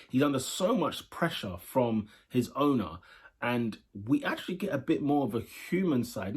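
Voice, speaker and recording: A man's voice: mid-range voice, husky. A young man chatting his way through a casual spoken review of a show episode, rambling and opinionated.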